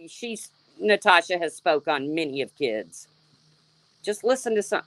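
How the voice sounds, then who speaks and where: A woman's voice: low voice, expressive, unhurried, dry recording. A woman hosting a livestream, sarcastically calling out a rival and answering her chat by name. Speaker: livestream host. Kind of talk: confrontational livestream rant.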